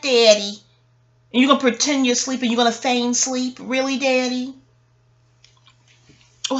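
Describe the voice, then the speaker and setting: A woman's voice: fairly low pitch, sharp tone. A woman hosting an audio-only astrology talk, rambling off on tangents, joking and cursing freely. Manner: rambling, digressive, profane and playful. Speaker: astrology video host. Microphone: audio-only home recording.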